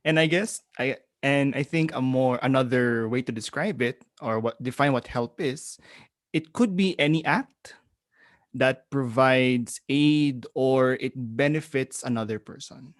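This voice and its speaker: Relaxed Filipino podcast co-host, dry sound. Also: mid-range voice, measured pace, no echo. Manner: relaxed, laughs between remarks. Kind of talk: casual webinar chat. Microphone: video call.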